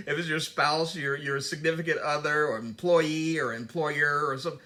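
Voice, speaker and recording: Hosting his own channel, a man with a slightly high voice gives business advice through a casual motivational talk, telling a workplace story at a moderate pace with few pauses. He's animated, digresses, and acts out the dialogue as he goes.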